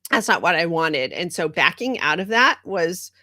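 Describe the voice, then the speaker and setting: A woman's voice: lowish voice, sing-song, moderate pace, bright, forceful tone, dry recording, studio quality. A middle-aged woman in a marketing role, talking casually and candidly with lots of asides. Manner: chatty and candid, with frequent asides and laughs. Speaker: marketing consultant. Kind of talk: casual monologue.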